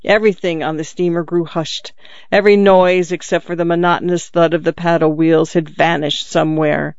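A man narrating a story in a measured, expressive reading, close to the mic. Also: a little high, creaky, no room sound. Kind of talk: scripted narration. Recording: slightly dull, dry lo-fi recording.

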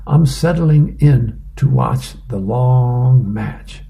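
A man reading a comic aloud, voicing a hungry army sergeant with a slow, pleased drawl. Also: medium pitch, gravelly, mellow. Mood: smug.

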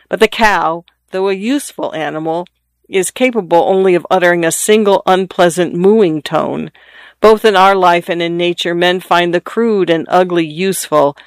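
A reader voicing a skeptical old father who grumbles and philosophizes, in a smooth, dry audiobook reading. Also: medium pitch, no room sound, natural voice. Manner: teasing, philosophizing. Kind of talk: audiobook character voice.

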